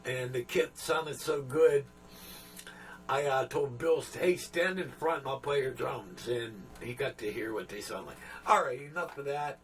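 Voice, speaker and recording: A man's voice: medium pitch, measured pace. A man, chatting casually as a vlog host, rambling and joking with lots of fillers and asides. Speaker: channel host.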